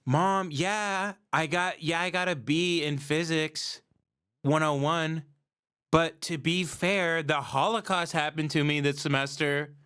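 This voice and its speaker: A man's voice: a little high, fairly even intonation, takes it slowly, bright, forceful tone, smooth. A man playing a whiny young male student making excuses to his mother on the phone.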